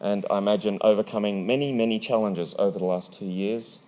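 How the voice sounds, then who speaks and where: A man's voice: fairly low pitch, brisk. Guy hosting a conference panel, upbeat and joking, lots of restarts, talking into a mic in a big hall. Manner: energetic, playful, with frequent restarts. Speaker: panel moderator.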